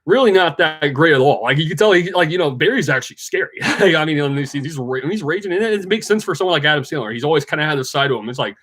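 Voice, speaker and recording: A man's voice: on the high side, lively intonation, quick pace, hardly any pauses, fairly bright tone. A man giving a casual, enthusiastic film review, rambling with many fillers and restarts and laughing often. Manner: laughs often while talking.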